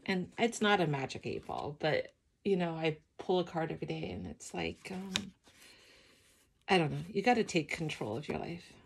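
Brief: middle-aged woman, sleepy gravelly low voice, reflective art-journal vlog, noisy recording. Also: lively intonation, normal speed. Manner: soft, emotional, reflective, many ums. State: sleepy morning voice. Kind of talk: casual flip-through chat.

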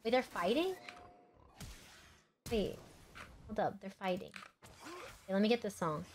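A young adult woman with a medium-pitched voice commentates her own gameplay as a gaming streamer. She chats casually and excitably, quick to laugh and to yell at the screen.

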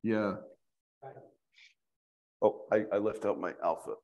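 Slow, patient man teaching a class. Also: on the low side, a little mellow. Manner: slow, patient, thinks aloud with fillers. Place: church classroom.

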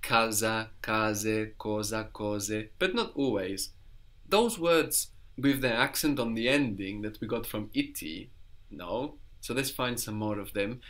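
A man teaching in a recorded language lesson, patiently explaining and slowly repeating each answer. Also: lowish voice, expressive, a bit bright.

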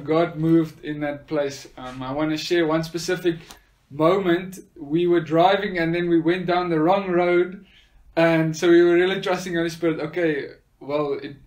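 A man tells a personal faith testimony in an earnest, sincere way. His voice sits a little higher than most men's, and he often pauses on soft fillers as he gathers his thoughts. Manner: earnest, with frequent hesitant fillers. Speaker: speaker sharing a faith testimony.

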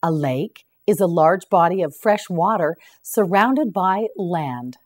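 A woman teaching English vocabulary in a slow scripted lesson, patiently repeating each word for the listener to echo. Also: on the low side, animated.

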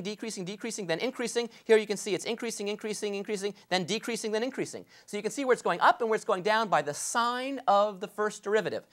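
A middle-aged man lecturing as a math professor, energetic and enthusiastic, with playful asides. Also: high voice. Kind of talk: fast-paced lecture.

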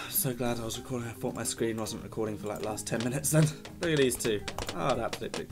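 Excitable young gamer guy. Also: medium pitch, fast, music in the background. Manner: excitable, jokey, talks to the game. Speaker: gaming YouTuber. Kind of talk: casual let's-play commentary.

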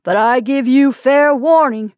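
A woman voicing a stern, defiant middle-aged male sheriff who speaks loudly and firmly. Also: a little high, dry recording, studio quality, lightly acted. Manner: loud, firm, deliberate.

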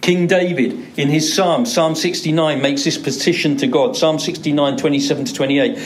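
A man's voice: a little high, steady tone, moderate pace, few pauses, slight background noise. A male pastor preaching a sermon, driving points home by repeating words for emphasis. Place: church.

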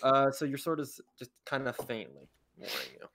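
A man's voice: mid-range voice, sing-song, normal speed, creaky, a bit bright, dry recording. A man running a tabletop game as game master, narrating casually with lots of fillers.

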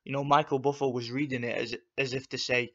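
This man talks fast in a medium-pitched, level voice with a fairly bright tone, though the audio itself is dull. He's furiously reviewing a boxing fight for his channel, swearing, repeating himself, and stacking up insults.

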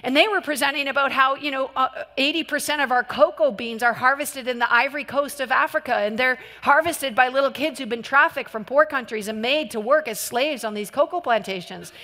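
Preaching in a large church hall, a woman with a high, bright voice tells stories animatedly, breaking into laughter, while a long reverb trails each word. She speaks fairly quickly with hardly any pauses.

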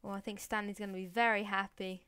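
A woman's voice: medium pitch, little pitch movement, fast talker, fairly bright tone, clear, resonant tone, dry recording. A woman giving playful, chatty gameplay commentary, talking to in-game animals and dropping into whispered asides. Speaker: Let's Play gamer.

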